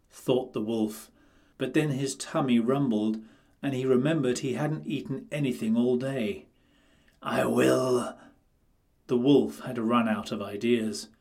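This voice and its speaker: A man reading a children's story aloud in a calm, deliberate storybook narration. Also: medium pitch.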